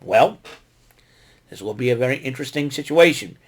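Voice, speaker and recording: A man hosting a casual solo wrestling recap show, rambling and excitable, who talks back to the wrestlers he describes. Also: medium pitch, moderate pace. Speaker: podcast host recapping wrestling.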